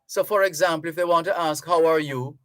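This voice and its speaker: Speaking into a studio microphone with no echo, a man from Jamaica runs a radio talk show, slow and chatty as he reads out listener messages. His voice is a little high, with fairly even intonation.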